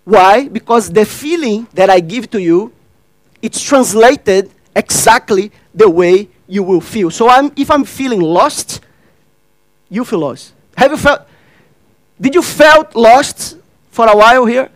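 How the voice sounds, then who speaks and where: High-voiced man speaking on stage. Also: lively intonation, a little slow, no echo, poor audio. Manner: addresses and questions the audience, acts out dialogue; non-native grammar, repeats phrases. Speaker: workshop speaker. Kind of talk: interactive stage talk.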